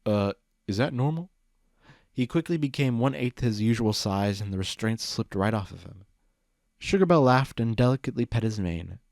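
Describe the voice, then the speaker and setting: A man reading a fan fiction story aloud as narrator, in an even storytelling manner. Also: on the low side, brisk, creaky, no echo, clean studio sound. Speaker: reader.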